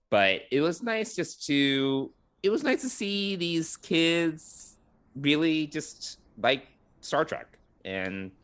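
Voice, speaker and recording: A man's voice: mid-range voice, a bit bright, smooth. A man co-hosting a podcast in casual chat, blunt and wry, laughing now and then as he talks. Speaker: podcast co-host.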